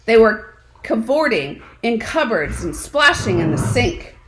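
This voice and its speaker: A woman at home reading a children's picture book aloud, telling the story in an animated, expressive way. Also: on the high side, measured pace, very noisy. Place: home with dogs nearby.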